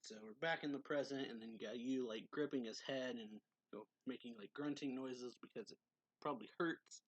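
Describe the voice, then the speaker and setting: A man's voice: medium pitch, fairly quick. A man reviewing a manga chapter in a casual recap, rambling with fillers and asides.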